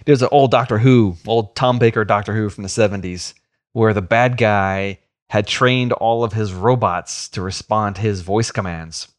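A man's voice: fairly low pitch, moderate pace. A man telling stories in casual chat, often breaking into laughter.

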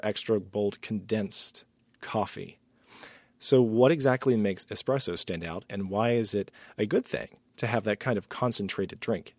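A man's voice: fairly low pitch, no echo. A man hosting a casual interview show, asking long, thoughtful questions. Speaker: podcast host.

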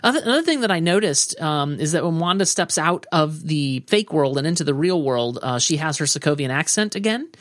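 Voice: medium pitch, lively intonation, brisk, hardly any pauses, fairly bright tone, dry recording, clean studio sound. Musing, hedging co-host voice. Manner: musing, hedging, often trails off with "I don't know". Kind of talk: casual TV recap chat.

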